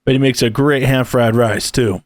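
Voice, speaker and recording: A man's voice: mid-range voice, fairly even intonation, moderate pace, over loud music. A man hosting a reaction channel, making wry, mocking asides between clips. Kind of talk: casual commentary on clips.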